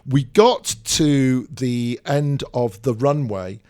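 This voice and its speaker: A man's voice: mid-range voice, takes it slowly, darkish tone, clear, resonant tone. Chatty male podcast host. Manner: chatty, apologetic, jokey. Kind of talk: casual chat and storytelling.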